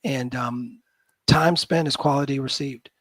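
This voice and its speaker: Husky-voiced Midwestern man in his fifties, dry close sound, rambling guest chat, self-deprecating. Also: medium pitch, steady tone, measured pace, a bit bright, no echo. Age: 50s. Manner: rambling, self-deprecating storyteller with many restarts. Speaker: guest, college football general manager. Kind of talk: casual interview chat.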